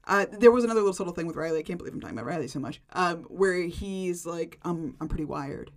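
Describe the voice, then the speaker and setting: A woman co-hosting a casual podcast, recapping a TV episode in animated talk full of "like". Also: lowish voice, quick pace. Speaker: podcast co-host.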